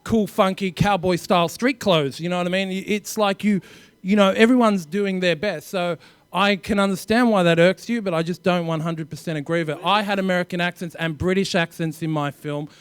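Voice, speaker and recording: A man's voice: high voice, a little fast, smooth, dry recording. An Australian man, a film director on a discussion panel, argues a point emphatically with lots of fillers.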